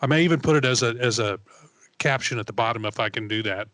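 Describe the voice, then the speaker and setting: A man's voice: mid-range voice, fast, fairly bright tone, dry recording. Plain-spoken male podcast co-host. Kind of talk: casual chat and reading an announcement.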